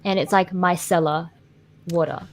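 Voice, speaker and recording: A woman's voice: fairly low pitch, steady tone, moderate pace, a loud crowd. A young woman, a podcast guest, chatting casually and ranting with exasperation. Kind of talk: casual chat.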